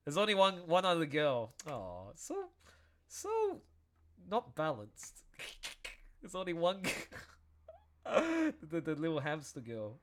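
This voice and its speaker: Chatty, animated man streaming. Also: fairly high pitch, takes it slowly, a little hiss or hum. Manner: chatty, animated, prone to laughing and restarts. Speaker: comic artist and streamer. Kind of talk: casual chat.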